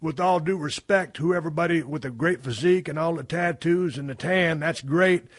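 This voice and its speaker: A middle-aged man hosting a podcast, telling stories in a profane, folksy way that swings from low mumbles to loud bursts. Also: fairly quick, dry recording, studio quality. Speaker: podcast host. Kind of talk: casual storytelling monologue.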